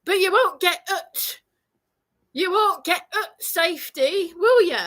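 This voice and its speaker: A woman's voice: high voice, normal speed, sharp tone. A woman parodying a fawning male property manager in a mocking, sing-song Northern English accent.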